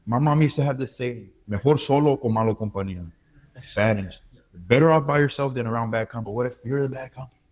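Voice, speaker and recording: A man, speaking as an interview guest and telling his story in a candid, halting, reflective way. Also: mid-range voice, a little mellow. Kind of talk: emotional personal interview.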